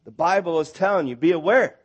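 A man preaching a sermon, animated and building to emphatic near shouts on his points. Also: high voice, brisk, husky. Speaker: missionary preacher. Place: church.

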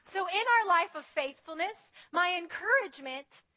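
A woman with a very high, bright, forceful voice preaches a sermon at a normal pace, animated yet earnest and conversational. She weaves in personal anecdotes, though the audio quality is poor.

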